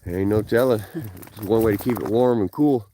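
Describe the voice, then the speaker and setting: A man's voice: on the low side, normal speed, mellow, slight background noise. A man live-streaming an outdoor hike, chatting folksily with his viewers while out of breath, recorded on a phone outdoors. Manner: folksy, keeps calling out to viewers. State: out of breath from hiking. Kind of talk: casual live-stream chat. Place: outdoors in high mountain country.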